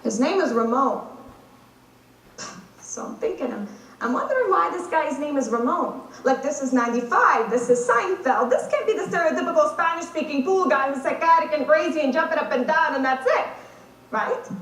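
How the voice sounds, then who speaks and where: A woman's voice: high-pitched, expressive, normal speed, a bit bright. A teenage girl performing a competitive dramatic monologue in a wry, sardonic storytelling manner. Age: teens. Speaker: speech competitor. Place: competition stage in a large hall. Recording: echoey hall from far off.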